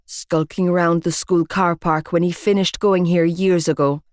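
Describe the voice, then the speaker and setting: A woman's voice: lowish voice, little pitch movement, moderate pace, darkish tone, dry recording, studio quality, close to an everyday voice. Woman doing an offhand chatty schoolboy. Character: easygoing teenage schoolboy, chatty and gossipy.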